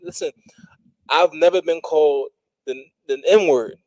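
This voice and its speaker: Man, podcast co-host, casual storytelling, wry, slightly high voice, dry close mic. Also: a little slow, no echo, poor audio. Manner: relaxed, wry storyteller who laughs at his own story. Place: small studio room.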